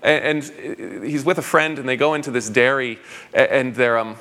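A man's voice: medium pitch, normal speed, bright, forceful tone. A man, a pastor, answering audience questions at a conference in an eager, rambling way with frequent stammered restarts.

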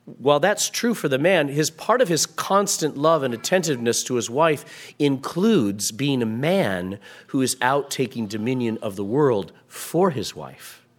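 A man preaching a sermon into a microphone, building from quiet explanation to raised, emphatic passages. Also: medium pitch, lively intonation, unhurried. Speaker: pastor. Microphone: microphone at a pulpit.

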